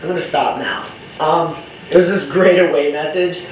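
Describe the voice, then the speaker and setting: A man's voice: fairly high pitch, normal speed, distant mic, a little hiss or hum. A young man rambling in a casual vlog monologue, chatty, campy and profane, jumping between topics. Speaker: vlogger. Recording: roomy echo, voice from off-mic.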